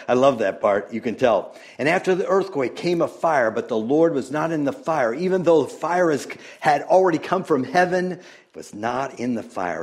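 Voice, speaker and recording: A man preaching a sermon, swinging between loud emphatic bursts and hushed, near-whispered passages, with frequent chuckles and hesitant restarts. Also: on the high side, animated, normal speed. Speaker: pastor.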